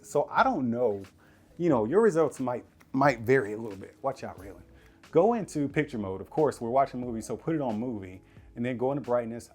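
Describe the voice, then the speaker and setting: A tech reviewer with a medium-pitched, somewhat mellow voice chats about a TV from his living room. The vlog is casual and slangy, aimed directly at viewers, and full of laughter.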